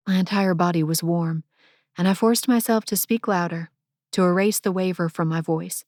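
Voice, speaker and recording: A woman narrating a first-person romance audiobook in a soft, intimate manner, on a close studio mic. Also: lowish voice, moderate pace, no echo.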